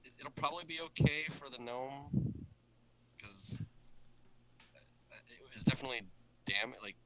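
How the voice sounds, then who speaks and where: A man's voice: mid-range voice, lively intonation, unhurried, sharp tone, poor audio. A man playing a tabletop role-playing game, speaking hesitantly with frequent stammers. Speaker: player.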